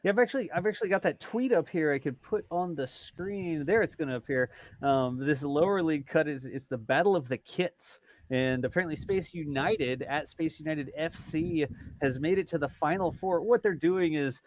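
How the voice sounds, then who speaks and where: A man's voice: a little high, moderate pace, few pauses, no echo, low-quality recording. A man hosting a live stream in casual chat, rambling a little and reading out viewer donations. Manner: chatty and rambling, with frequent fillers and self-corrections. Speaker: livestream host.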